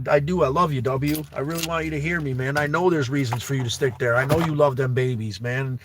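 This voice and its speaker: A young man hosts a livestream, speaking briskly in a medium-pitched, slightly bright voice. He emotionally and earnestly pleads with a viewer, whom he calls brother, to come stay at his home. A little hiss or hum runs under the audio.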